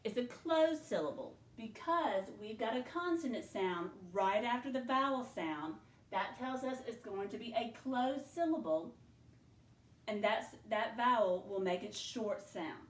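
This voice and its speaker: A woman teacher talks slowly and patiently, breaking words into sounds and letters one at a time. Her voice sits in a middle register. She stands back from the mic in an echoey room. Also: fairly high pitch, lively intonation, far from the mic. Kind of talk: spelling dictation lesson.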